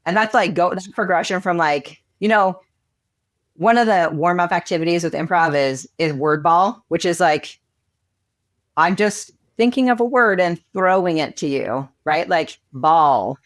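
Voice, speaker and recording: A woman speaks as a guest in a relaxed podcast conversation. Her voice sits a little low, and she tells her stories in a chatty, expressive way, full of "um" and "like." Her delivery stays loose and conversational. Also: normal speed. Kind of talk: casual interview chat.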